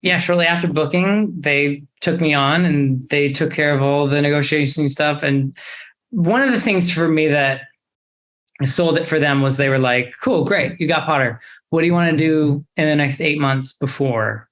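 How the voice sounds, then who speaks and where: Young man telling a lively story. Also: on the high side, moderate pace. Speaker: actor guest. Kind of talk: casual interview storytelling.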